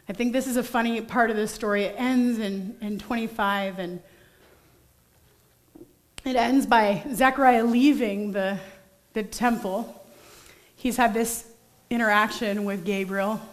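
A young woman preaching a sermon, telling a story from her own family life in a lively, animated way and acting out the voices in it. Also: medium pitch. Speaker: pastor.

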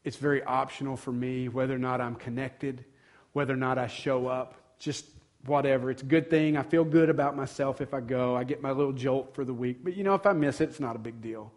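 A man's voice: mid-range voice, fairly even intonation, a little fast, darkish tone. A male pastor, preaching an earnest sermon that builds to emphatic passages.

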